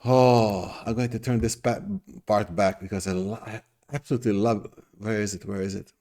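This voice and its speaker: A man's voice: on the low side, fairly even intonation, moderate pace, mellow. Effusive, rambling middle-aged man. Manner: effusive, rambling, many restarts. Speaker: reaction video host. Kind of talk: casual reaction commentary.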